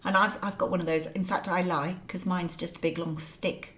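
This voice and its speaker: A middle-aged woman co-hosting a casual chat podcast, chatty and quick to laugh, in pain from a hip injury. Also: on the low side, fairly even intonation, fairly bright tone. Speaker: podcast co-host.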